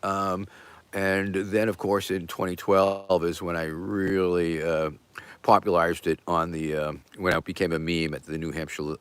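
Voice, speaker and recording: Deep-voiced rambling joking man. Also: fairly bright tone, smooth, dry recording. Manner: rambling, halting, many fillers and restarts; playful jester humor. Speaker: host. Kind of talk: casual livestream chat answering viewer questions.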